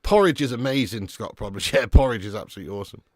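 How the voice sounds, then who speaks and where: A young man hosting a live football watch-along, chatting casually and answering viewer comments between bursts of excitement at the match. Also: lowish voice, rapid-fire, no room sound, studio quality.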